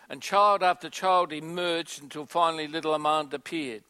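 Male pastor, higher voice, storytelling sermon with emphatic call-and-response. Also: normal speed, few pauses, pushed and bright, smooth.

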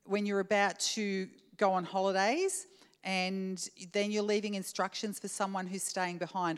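A woman's voice: medium pitch, clean tone. Earnest woman preaching in a reverberant hall. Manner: earnest, conversational, addresses the congregation directly. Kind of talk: sermon with prayer. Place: church hall.

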